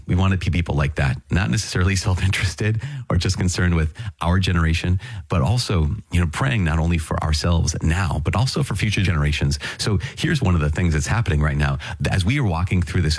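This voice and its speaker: A man leading a prayer and giving a relaxed, conversational Bible reflection as a pastor. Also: low voice, breathy edge, no echo. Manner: conversational, with light laughs and restarts.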